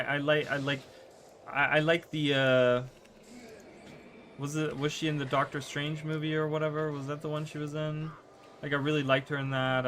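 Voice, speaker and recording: A bit of hiss or hum sits under this streamer's medium-pitched, slightly bright voice. He chats loosely with his audience while gaming, wandering off topic, fumbling words and beginning sentences over.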